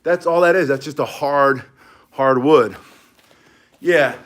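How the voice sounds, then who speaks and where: A slightly hoarse man teaching self-defense to a live group, excitable and rambling as he demonstrates. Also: medium pitch, slow pace, noisy background.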